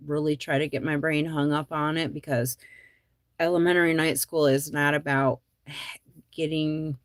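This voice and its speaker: In studio-quality audio with no room sound, a low-pitched woman comedian hosts a show. She rambles through casual chat to viewers, full of likes and ums, and often laughs at her own jokes.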